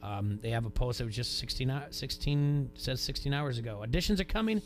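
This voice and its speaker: A man's voice: mid-range voice, fairly quick, faint music behind. Chatty male sports radio host. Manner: rambling, restarts sentences, reads posts aloud. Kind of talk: casual radio chat.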